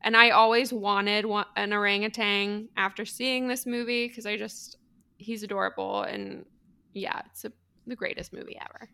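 A woman's voice: medium pitch, level tone, moderate pace, creaky, pushed and bright, smooth. A woman in her thirties co-hosting a podcast, chatting casually and gushing with lots of "like" and giggles. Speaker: podcast co-host. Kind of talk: casual chat.

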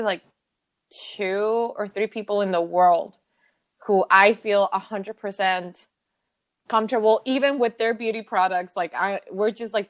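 A woman co-hosting a podcast in casual chat, blunt, swearing freely and laughing often. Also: medium pitch. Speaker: podcast co-host.

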